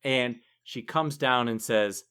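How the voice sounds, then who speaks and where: A man's voice: medium pitch, slow, pushed and bright, clean tone. A man in his forties co-hosting a podcast, chatting casually, rambling and laughing easily. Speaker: podcast co-host. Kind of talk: casual chat.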